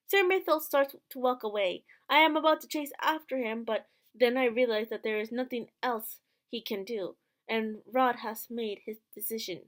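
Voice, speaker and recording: A woman's voice: fairly high pitch, normal speed. A woman playing through a visual novel, reading its first-person narration aloud with joking asides. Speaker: let's play host.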